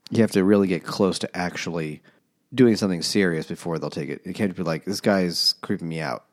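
A man's voice: deep voice, fairly quick. A man co-hosting a casual book podcast, recapping the plot in a laid-back way, full of fillers. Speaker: podcast co-host.

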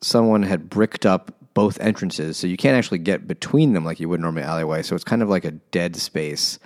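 A man's voice: deep voice, brisk, a little mellow, no echo, studio quality. A man co-hosting a casual book chat, summarizing the plot with wry asides.

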